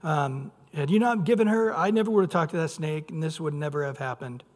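A male preacher voicing a defensive man who blames others and protests his innocence in a quick, whining way. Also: sits high, in a large hall. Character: defensive man making excuses, blaming others.

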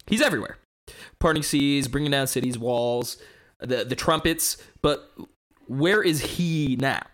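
A man's voice: mid-range voice, unhurried, a bit bright, natural voice. A young man performing a fiery skeptic lecturing a bishop in a dramatic monologue, with impassioned, rhetorical delivery. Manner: impassioned, rhetorical, escalating rants.

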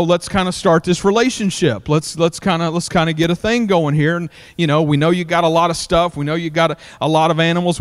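A man preaching a sermon, retelling a story in a loose, animated way with many fillers. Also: on the high side. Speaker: pastor.

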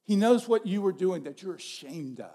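A man's voice: high-pitched, animated, normal speed, warm tone. A middle-aged man preaching a sermon as pastor, telling stories in a conversational way and repeating his phrases.

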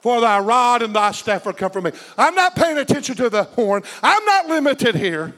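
A very high-pitched preacher with lively intonation and a slightly bright tone speaks fairly quickly and with passion. In the church sanctuary he calls out for his congregation's responses, echoed by the long reverb of a large hall.

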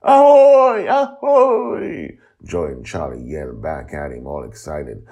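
A man's voice: extremely low pitch, normal speed, warm tone, breathy edge, muffled recording. A man hosting a podcast, telling a storybook tale in a rambling, casual way with asides. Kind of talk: casual chat and storybook narration.

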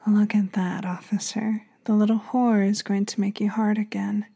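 A woman voicing a stern, commanding woman detective who gives orders in a hushed, breathy voice. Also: mid-range voice, flat delivery, drawn-out words, full character voice. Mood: lustful whisper.

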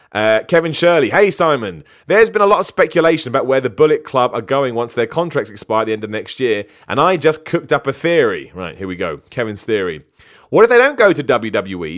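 A man's voice: mid-range voice, a bit bright. A man, a wrestler, reading out viewer questions and answering them in a rambling, self-deprecating way, often stumbling over names. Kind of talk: casual Q&A chat, reading messages aloud.

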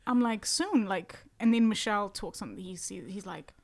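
A woman on a podcast telling an animated story, acting out the people in it. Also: medium pitch, moderate pace. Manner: animated storyteller, acts out voices in quotes. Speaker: podcast guest, musician. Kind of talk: casual chat, storytelling.

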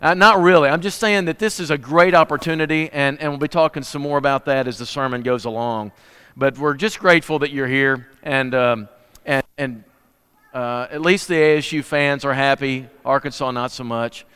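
A man's voice: medium pitch, fairly even intonation, moderate pace, pushed and bright, clean tone. A man preaching a casual, joking sermon with announcements, full of folksy asides and restarts, recorded in a church sanctuary. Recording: church hall reverb.

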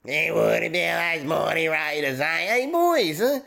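Picture a loud, beer-soaked Australian country bloke, swearing freely and laughing his way through a voicemail, as a woman puts him on. He drags his words out slowly in a lowish voice. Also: lively intonation, vocal fry, full character voice. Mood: rowdy teasing. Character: rowdy middle-aged male country bloke. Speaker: voicemail caller.

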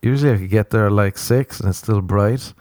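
A man's voice: on the low side, fairly quick, a little mellow, no room sound, clean studio sound. An Irish man in his thirties hosting a podcast, rambling through a sweary, self-mocking comic monologue. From Ireland. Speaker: podcast host. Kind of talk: casual comedic monologue.

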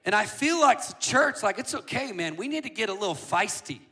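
A man preaching a passionate sermon as a guest speaker, building from quiet asides up to shouting. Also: high voice, very animated, fairly quick, hardly any pauses, slightly rough. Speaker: guest preacher and worship leader.

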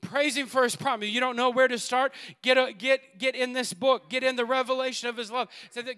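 A man preaching a sermon in a church, swinging between loud exhortation and quiet asides and laughing often. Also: very high voice, fairly even intonation, fairly quick, few pauses, smooth. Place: church sanctuary.

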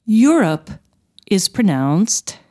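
Woman, language teacher, scripted lesson narration, slow, clear, deliberate, mid pitch. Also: very animated, warm tone.

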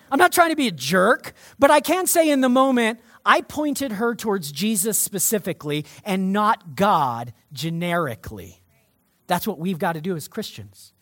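A male pastor delivering a sermon to his church in an emphatic, energetic way. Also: high voice, no room sound, clean studio sound.

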